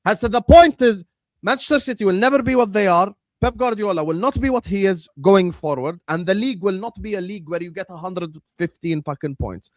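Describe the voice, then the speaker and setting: A young man hosting a stream, arguing about football in a heated, animated way, swearing and dropping Arabic phrases. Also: sits high, brisk, no room sound, clean studio sound. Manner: argumentative, animated, swears, says "wallah" and "inshallah". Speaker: host.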